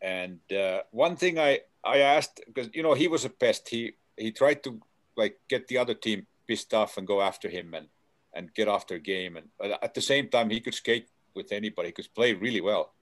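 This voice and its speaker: A man telling stories in a casual chat, halting with many fillers and restarts. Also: on the low side.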